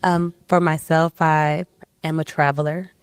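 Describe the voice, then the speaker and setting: A woman's voice: sits low, level tone, unhurried, clean tone, no room sound. A woman from Florida who appears as a guest on a matchmaking show and responds in an easygoing, agreeable way. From Florida, United States. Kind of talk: casual interview.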